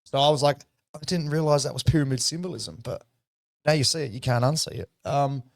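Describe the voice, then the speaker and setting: An Australian man hosting a livestream, talking in a rambling, excitable and profane way. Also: mid-range voice, fairly quick, vocal fry, no echo. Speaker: livestream host. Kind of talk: casual livestream commentary.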